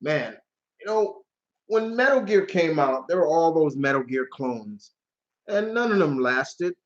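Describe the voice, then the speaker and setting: A man's voice: a little high, animated, unhurried, highs cut off. A man hosting a live question-and-answer stream, chatting casually and rambling, with free swearing. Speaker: channel host.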